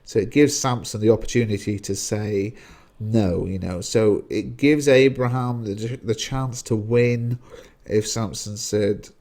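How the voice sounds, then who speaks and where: A man's voice: on the low side, measured pace, a little mellow. A man teaching a lesson, explaining a text in a chatty way with frequent fillers.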